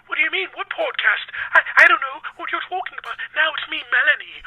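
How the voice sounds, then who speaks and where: Dude doing a squeaky flighty lady voice, falsetto, breathy, muffled phone sound. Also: animated, quick pace. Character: squeaky woman alter ego, flighty.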